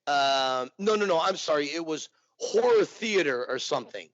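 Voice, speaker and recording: A man being interviewed, telling an animated anecdote in casual conversation. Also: a little high, moderate pace, no echo. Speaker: interview guest, impersonator. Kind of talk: casual storytelling. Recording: dull dry recording.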